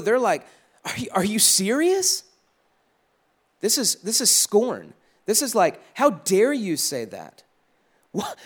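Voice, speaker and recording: A man delivers a relaxed, conversational sermon with a slightly higher voice. He preaches with animation, briefly acting out the voices of a doubting crowd. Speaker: pastor. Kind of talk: casual sermon.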